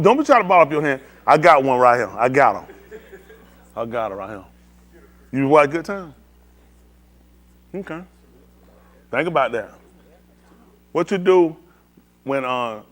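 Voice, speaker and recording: A man's voice: medium pitch, animated, normal speed, long pauses. A man hosting a playful trivia game with a room of people, teasing and calling on them by name. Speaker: host leading a group trivia game. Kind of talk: lively group banter.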